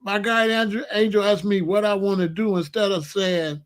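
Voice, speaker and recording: A male host tells a dramatic yet funny personal story, his voice sitting a touch high. He talks in an animated way, laughing at his own lines and acting out the people in the story. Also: brisk, hardly any pauses. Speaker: show host.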